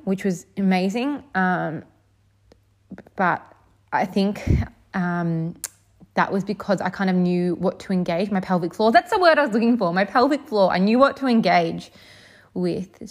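A young woman vlogger casually telling a personal story, chatty and full of "um" and "like". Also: medium pitch.

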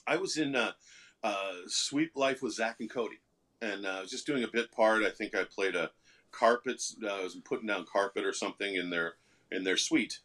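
A middle-aged man with a low, deep-set voice tells rambling, self-deprecating stories as an interview guest. He is loose and chatty, with plenty of fillers and restarts. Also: normal speed, pushed and bright. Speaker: actor and guest. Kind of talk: casual interview storytelling.

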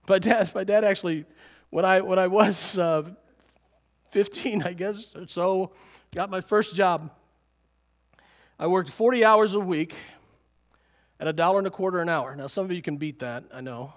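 A middle-aged man preaching a sermon to a congregation, lively and animated, often chuckling. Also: sits high, normal speed, pauses often. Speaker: pastor.

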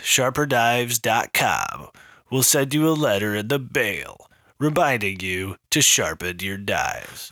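Guy doing a pompous stuffy-nosed podcast host, slow and low, super dry close sound. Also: bright, forceful tone, dry recording, exaggerated voice. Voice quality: stuffy nose. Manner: earnest, repetitive, ad-reading. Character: pompous male podcast host, self-promoting. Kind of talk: comedic parody podcast.

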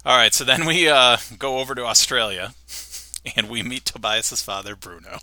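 A man's voice: medium pitch, normal speed, pushed and bright, dry recording. A man hosting a podcast, recapping a cartoon episode in a chatty way and laughing often. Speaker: podcast host. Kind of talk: casual chat, recapping an episode.

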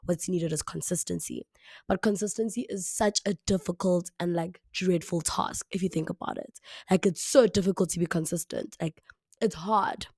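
This young South African podcast host, alone indoors with a camera mic, speaks at a moderate pace in a darkish, hoarse, slightly raspy voice deepened by the flu. Her casual, chatty delivery repeats itself and is full of "like." The recording is dry and clean, studio-like.

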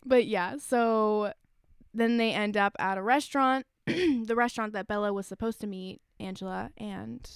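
A woman's voice: mid-range voice, moderate pace, clean tone, dry recording, studio quality. A woman co-hosting a podcast, recapping a film in casual chat and often laughing through her words. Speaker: podcast co-host. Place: on a road trip with friends.

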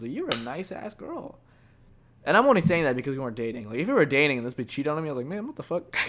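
A man's voice: mid-range voice, fairly bright tone. A young man hosting a podcast, telling stories in a rambling, casual way, full of profanity and constant "like" fillers. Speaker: podcast host. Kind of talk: casual solo storytelling.

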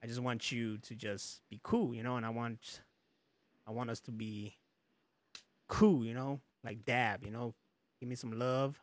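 A man's voice: medium pitch, little pitch movement, unhurried, long pauses. A man hosting a podcast in loose casual chat, rambling, laughing often and swearing freely. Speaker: podcast host.

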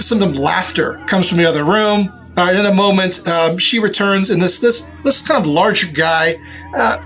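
A man's voice: high-pitched, fairly bright tone. A man running a tabletop game as game master, narrating in a rambling way with many restarts.

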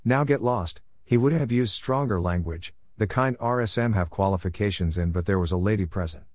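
A man's voice: deep voice, fairly quick, darkish tone, no echo. A man narrating a story for a podcast with wry, humorous asides.

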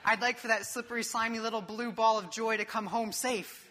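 A young man preaching a sermon, telling a personal story in a vivid, animated way. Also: high-pitched, brisk, slight background noise.

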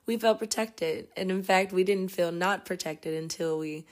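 A woman hosting a podcast as an energetic healer, telling a travel story in a chatty way and laughing often. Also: lowish voice, normal speed. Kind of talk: casual storytelling.

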